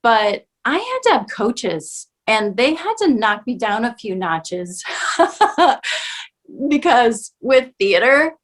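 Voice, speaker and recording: An actress answering an interview question on a video call, measured and hesitant, with fillers between her thoughts. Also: on the high side, very animated. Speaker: interview guest, actor.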